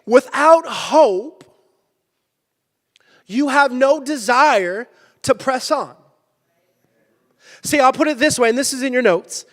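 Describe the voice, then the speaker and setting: A male pastor giving a sermon, telling a personal story with lively energy and sudden shouted bursts. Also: very high-pitched, slow pace, long pauses. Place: church sanctuary. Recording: church hall with long reverb.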